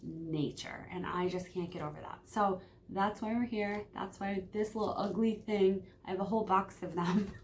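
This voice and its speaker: A woman's voice: medium pitch, moderate pace, few pauses, a little hiss or hum. Chatty woman vlogging at home. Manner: chatty, hesitant with many ums. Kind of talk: casual home vlog.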